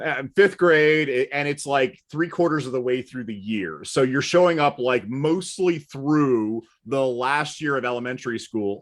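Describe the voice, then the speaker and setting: A man with a mid-range voice spins stories in a laid-back chat, landing his jokes deadpan. He grew up partly in England and talks in a wry, easygoing way. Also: mid-range voice. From United States, partly raised in England. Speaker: guest. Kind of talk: casual storytelling chat.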